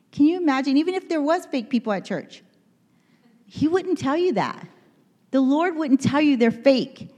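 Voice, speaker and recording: A woman's voice: high-pitched, expressive, normal speed, darkish tone. Earnest woman preaching in an echoing church. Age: 50s. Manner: earnest, conversational, asks the audience questions. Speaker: pastor. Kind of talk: sermon.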